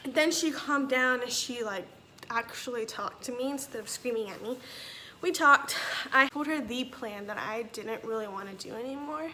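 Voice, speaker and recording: High bright chatty young woman vlogger. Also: moderate pace, a little hiss or hum. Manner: chatty, rambling, acts out quoted dialogue. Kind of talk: casual storytelling vlog.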